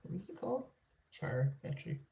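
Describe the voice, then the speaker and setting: A man hosting a live vlog stream, chatting casually and thinking out loud with lots of restarts and self-corrections. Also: a little high, very animated, normal speed, creaky, a little hiss or hum. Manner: rambling, thinking aloud with frequent restarts. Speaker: livestream vlog host.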